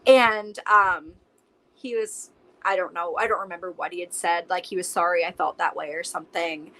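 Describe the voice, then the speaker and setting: A woman's voice: fairly low pitch, steady tone, normal speed, a bit bright, low-quality recording. A young adult woman, a podcast guest, telling her story in casual chat with lots of fillers. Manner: talks emotionally with many "like"s.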